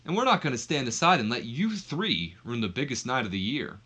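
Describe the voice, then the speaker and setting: A man putting on a brash, cocky wrestler voice, delivering loud, boastful trash talk. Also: mid-range voice, very animated, brisk, husky, heavily acted.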